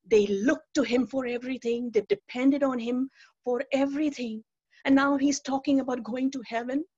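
A woman's voice: sits high, fairly even intonation, normal speed, dark tone, breathy edge, no room sound. A woman preacher giving an earnest, emphatic testimony and teaching talk, repeating key phrases, over a video call. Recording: dull lo-fi webinar audio.

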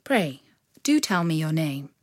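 A woman's voice: low voice, sing-song, unhurried, a little mellow, no echo, clean studio sound, voice pushed down, exaggerated voice. A woman voicing a gallant young male outlaw leader with a courteous, teasing manner in a storybook reading.

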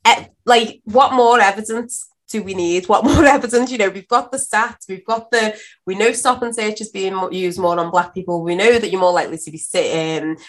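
A woman from the UK in casual conversation as a podcast guest, telling stories with animated energy and laughter, her voice jumping high when she exclaims. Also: moderate pace.

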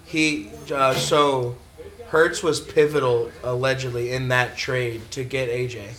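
Excitable man with a bright voice. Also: mid-range voice, measured pace. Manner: excitable, slangy, trash-talking. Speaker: podcast host. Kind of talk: casual sports chat while watching a game.

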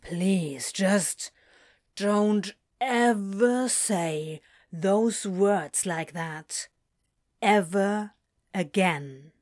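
A woman's voice: medium pitch, takes it slowly, natural voice. A woman voicing a harried, snappish man in a story reading, terse and clipped. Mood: pleading. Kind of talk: audiobook character voice.

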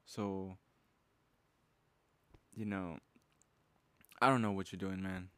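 A man's voice: sits low, level tone, takes it slowly, clean tone, no echo. A young man hosting a podcast, giving a casual, fired-up motivational talk full of "bro" and "man". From Mexican heritage. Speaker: podcast host.

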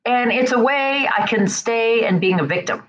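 A woman gives a conversational self-help talk with a lively, swooping pitch. She speaks straight to her listeners and keeps checking in with them. Her delivery is animated. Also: normal speed, highs cut off. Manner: animated, acts out quoted voices; talks straight to the listener with frequent "right?".

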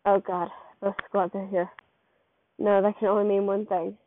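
A woman's voice: mid-range voice, little pitch movement, normal speed, a little hiss or hum. A woman casually reading a second-person fan fiction story aloud, with a loose, rambling delivery full of slips and restarts. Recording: tinny, phone-like dry recording.

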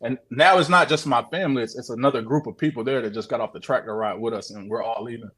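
A man telling his own odd sighting story on a call, animated, swearing often and repeating himself. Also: medium pitch, fast talker, husky. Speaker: guest sharing a sighting story. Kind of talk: casual storytelling on a video call show.

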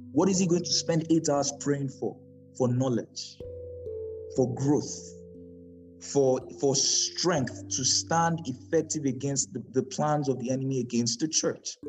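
A man's voice: on the high side, darkish tone, rough recording. A man preaching a sermon, emphatic and repetitive on key words, with small humorous digressions. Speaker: pastor.

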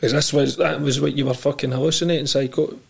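Host, raspy gravelly voice, sweary and matey, digging in with questions. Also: male voice, medium pitch, steady tone, fast. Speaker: podcast host. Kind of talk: casual interview chat.

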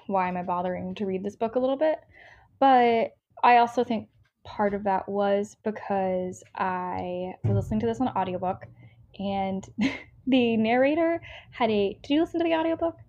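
A woman's voice: medium pitch, normal speed, a little mellow. A young American woman co-hosting a book podcast, chatting casually and rambling, with lots of fillers and self-interruptions. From United States. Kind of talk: casual book review chat. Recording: slightly dull lo-fi sound.

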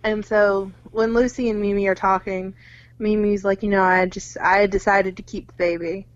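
A young woman runs through a film's plot in casual podcast chat, peppering it with "like" and little acted-out quotes. Her voice sits at a middle pitch. The sound is dull and lo-fi, close and dry. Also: level tone, normal speed, no echo. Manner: retells the plot with lots of "like" and acted quotes, swears freely. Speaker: podcast co-host. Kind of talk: casual movie recap chat.

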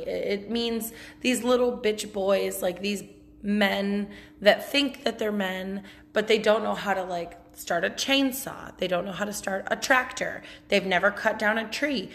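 A woman's voice: mid-range voice, a bit bright, slight background noise. A woman hosting a podcast, telling a story in a blunt, chatty, profane way and laughing often. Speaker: podcast host. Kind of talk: casual storytelling monologue.

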